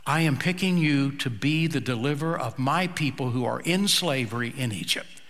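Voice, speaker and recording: A male preacher voicing a solemn, commanding divine figure, low and measured. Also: fairly bright tone, long reverb tail, close to an everyday voice.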